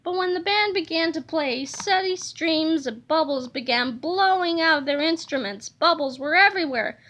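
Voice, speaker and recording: A woman reading a children's storybook aloud in a lively, playful way, adding sound effects. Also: extremely high pitch, moderate pace. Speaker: reader of a children's book.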